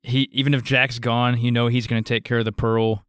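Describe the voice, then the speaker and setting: Smooth-voiced man discussing movies. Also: medium pitch, flat delivery, fairly quick, a bit bright, dry recording, studio quality. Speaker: podcast co-host.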